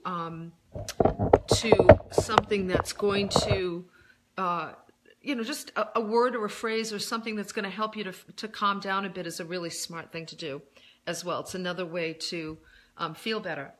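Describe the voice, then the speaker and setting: A woman author talking through self-soothing advice in a casual, gentle monologue, pausing often with fillers and restarts. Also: medium pitch. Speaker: self-help author and speaker.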